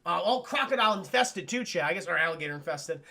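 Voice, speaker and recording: A man hosting a live stream, retelling a cartoon episode to his chat in a rambling, profane, animated way. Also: high-pitched, quick pace. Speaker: livestream host reviewing cartoons. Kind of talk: casual streamed recap with chat.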